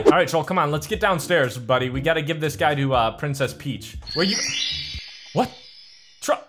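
A man hosting a comedic game video, talking to his character in an excitable way, mumbling one moment and shouting the next. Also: on the high side, moderate pace. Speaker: host narrating a game video. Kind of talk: comedic gameplay narration. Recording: music playing in the background.

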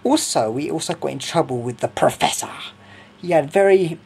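A man's voice: on the high side, expressive, normal speed, vocal fry, darkish tone, slight background noise. A young man from Sussex, telling stories in a rambling, hesitant way with lots of ums and giggles. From Sussex, England. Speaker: vlogger. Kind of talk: casual storytelling.

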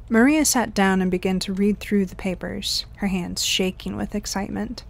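A woman's voice: medium pitch, fairly even intonation, normal speed, vocal fry, hardly any pauses. A woman narrating an audio story, reading the dialogue in lightly varied voices.

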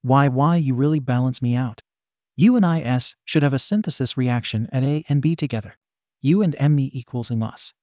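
Man voicing shy teen boy, stammers, mid-pitched, storybook read-aloud. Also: normal speed, darkish tone, no room sound, clean studio sound, lightly acted. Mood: flustered. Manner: stammering, nervous. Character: shy flustered teenage boy in love.

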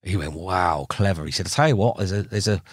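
Speaking fast in a low voice, a middle-aged man guesting on a podcast shares chatty carp angling stories, voicing quoted dialogue amid laughter. The studio-quality recording has no echo.

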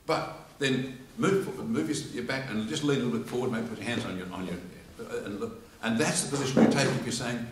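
A man's voice: medium pitch, a little fast, hardly any pauses, distant mic, a crowd in the background. Australian man lecturing in an echoey hall. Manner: animated storyteller, acts out quotes and laughs along. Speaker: public speaking teacher. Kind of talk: informal lecture with demonstrations. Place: church hall with live audience.

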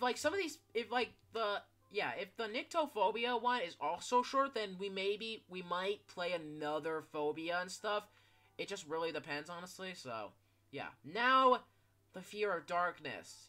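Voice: medium pitch, lively intonation, measured pace, pushed and bright. A fourteen-year-old gaming YouTuber giving casual gameplay commentary, rambling with lots of fillers and casual swearing.

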